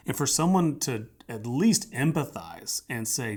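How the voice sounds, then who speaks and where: A man's voice: mid-range voice, expressive, measured pace, hardly any pauses, a little mellow, breathy edge. A man preaching as a pastor, talking conversationally and emphatically, repeating his points and checking in with "right?". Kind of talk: sermon.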